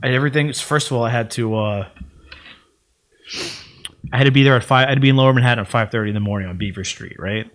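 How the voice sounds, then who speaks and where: An adult man who works for city sanitation co-hosts a podcast, his voice medium-pitched and a bit bright. In casual chat he tells rambling anecdotes at a fast clip, acting out his relatives' voices along the way.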